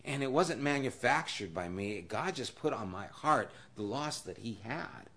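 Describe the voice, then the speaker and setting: A man teaching a Bible study as a pastor in a conversational sermon, telling stories and shifting from hushed and low to loud and emphatic. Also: animated, a little slow.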